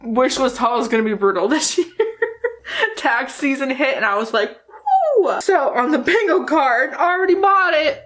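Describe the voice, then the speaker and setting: A woman's voice: high voice, moderate pace, a bit bright. A woman beauty vlogger talking casually and sarcastically about makeup releases, often laughing. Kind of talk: casual chat.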